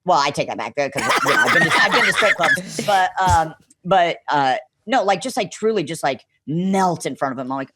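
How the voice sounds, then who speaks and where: Animated, dry-sounding male storyteller. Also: on the high side, fairly quick, hardly any pauses, dry recording. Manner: animated, full of "like" and acted-out quotes. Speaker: podcast guest. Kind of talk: casual storytelling on a podcast.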